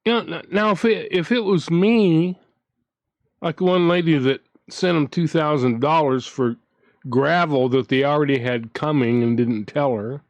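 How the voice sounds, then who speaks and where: A man's voice: fairly high pitch, unhurried, no room sound, lo-fi sound. A man hosting his own channel, ranting in a casual, indignant way, with frequent restarts as he talks. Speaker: commentary channel host.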